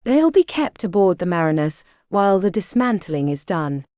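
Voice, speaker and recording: A cold, officious male captain reading out arrest orders in a clipped, formal tone, as a woman narrating puts him on. The pitch moves freely across lines. The sound is dry and close. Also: very animated, normal speed, darkish tone, dry recording.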